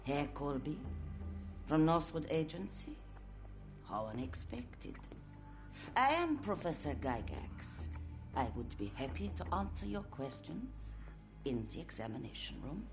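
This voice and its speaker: An actress playing a courteous but menacing asylum director with smooth, formal speech. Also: female voice, deep voice, sing-song, a little slow, heavily acted. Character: silky, sinister asylum director. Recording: game music underneath.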